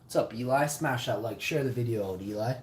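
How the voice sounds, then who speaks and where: A man's voice: mid-range voice, a little fast, a little hiss or hum. Angry, swearing forty-year-old male streamer. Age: 40s. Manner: profane, bitter, ranting. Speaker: live streamer. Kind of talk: angry live-stream rant. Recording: echoey room, faint ambience.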